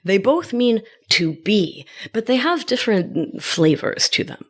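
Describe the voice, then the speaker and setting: A woman from Argentina whose first language is Spanish, hosting a reflective wellness podcast in a gentle, unhurried way and sometimes dropping to a whisper for emphasis. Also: mid-range voice, sing-song. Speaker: podcast host and life coach.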